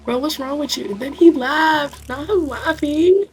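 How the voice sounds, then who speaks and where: A woman's voice: high voice, slow, long pauses. Give me a young woman with a scratchy voice doing goofy let's-play commentary. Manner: jokey, self-mocking, giggly asides. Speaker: gamer.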